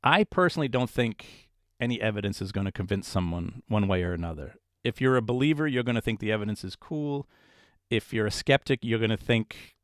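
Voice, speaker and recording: A man with a low voice, interviewed as a paranormal investigator. He tells his stories casually and with animation, putting on the voices of the people he quotes. The recording is dry and close. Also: moderate pace, dry recording.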